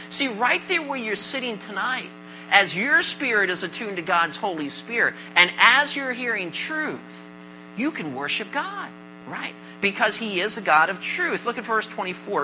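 A pastor giving a sermon to a congregation, mixing jokes with scripture and calling on listeners with quick questions. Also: mid-range voice, very animated, pushed and bright, soft background music, low-quality recording. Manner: calls on the congregation with "right?" and questions. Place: church service before a congregation.

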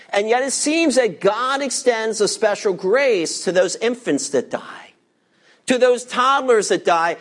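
Slow, high-voiced male preacher. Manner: preaching with rising emphasis and dropping to quiet asides; reads scripture aloud with commentary. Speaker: pastor. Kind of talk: sermon.

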